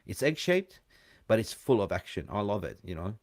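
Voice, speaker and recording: Male host, low voice, dry close sound, rambling casual chat. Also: big pitch swings, no echo. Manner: chatty, rambling, quick to laugh. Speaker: live show host.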